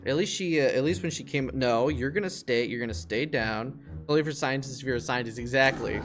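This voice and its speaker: A man's voice: mid-range voice, fairly quick, few pauses, music in the background. A man streaming a video game live, talking to chat in a profane, exasperated rant. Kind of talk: live gaming stream commentary.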